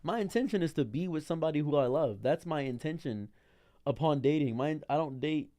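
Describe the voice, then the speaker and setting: A man's voice: fairly high pitch, animated, fairly quick, warm tone, no room sound. A man in his thirties who talks off the cuff in a casual commentary monologue, rambling and repeating himself with a baffled, exasperated tone. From Detroit. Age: 30s. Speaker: streamer.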